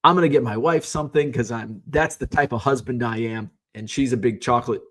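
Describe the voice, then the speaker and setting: Middle-aged male host, casual rambling storyteller with lots of fillers, average pitch. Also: fairly quick. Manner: rambling and animated, with frequent fillers and laughs. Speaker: streamer host.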